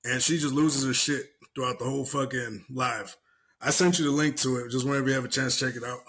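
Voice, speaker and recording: At medium pitch and a little fast, a young man on a podcast recounts an internet argument in casual chat. He does voices of those involved, swears freely and laughs.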